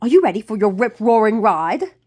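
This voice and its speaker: A woman's voice: on the high side, big pitch swings, a little fast, darkish tone, pitched above the performer's own voice. A woman voicing a friendly chimpanzee guide from a storybook, announcing rides like a showman. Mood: cheerful.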